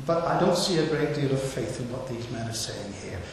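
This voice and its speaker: A man's voice: mid-range voice, lively intonation, a little fast, vocal fry. A man preaching an expository sermon, asking rhetorical questions and stressing key words. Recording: echoey hall with hiss.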